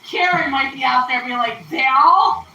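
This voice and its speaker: A woman's voice: high voice, moderate pace, pushed and bright, highs cut off, a little hiss or hum. A woman hosting a casual home cooking stream, chatty and giggly and laughing often, in an echoey kitchen. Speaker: cooking show host. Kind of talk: casual cooking livestream chat.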